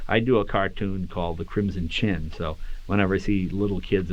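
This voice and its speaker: Joking New man, low voice. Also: fast. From New England. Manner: joking, self-deprecating. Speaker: voice actor interviewee. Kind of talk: interview answers. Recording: dull lo-fi recording.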